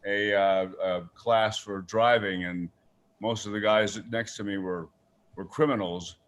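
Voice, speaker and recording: An older man, a radio guest, telling stories in casual chat, animated and laughing often as he acts out the people in them. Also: lowish voice, measured pace, dull audio. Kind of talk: casual storytelling on a radio show.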